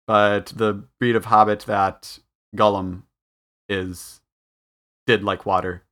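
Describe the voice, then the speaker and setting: A man's voice: on the low side, flat delivery, slow pace, a bit bright. A man co-hosting a podcast in casual chat, talking things through aloud with fillers. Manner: chatty, thinking aloud with fillers. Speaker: podcast co-host.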